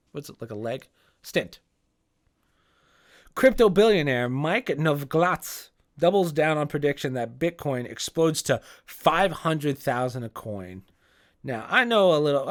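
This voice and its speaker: Rambling, cursing young male podcaster. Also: medium pitch. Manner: rambling, profane, restarts and searches for words. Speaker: podcast host. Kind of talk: casual solo podcast commentary.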